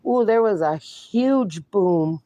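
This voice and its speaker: Affectionate woman livestream host, mid-pitched voice, dry close sound, calls everyone darling. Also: expressive, slow, dark tone, dry recording. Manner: chatty, affectionate, calls viewers darling and honey. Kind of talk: casual livestream chat, reading chat aloud.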